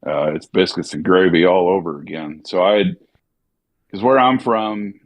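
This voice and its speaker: A man from Missouri with a slightly Southern accent, an actor and voiceover artist chatting casually, relaxed and musing with lots of fillers. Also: low voice, normal speed. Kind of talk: casual chat during a gaming stream.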